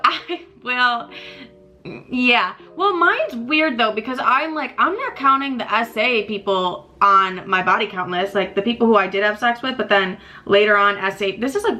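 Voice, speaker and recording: A woman's voice: fairly high pitch, lively intonation, normal speed, bright, forceful tone, soft background music. A young woman in her twenties chatting casually and swearing a lot while getting ready on camera. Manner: chatty, profane, frequent likes. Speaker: vlogger. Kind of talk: casual get-ready-with-me chat.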